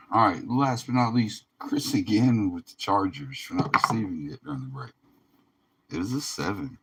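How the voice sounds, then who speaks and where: A man's voice: on the low side, lively intonation, normal speed, noisy background. A tired man hosting a live card break stream, talking in a laid-back, drawling way and laughing often. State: tired, yawning. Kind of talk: casual livestream commentary.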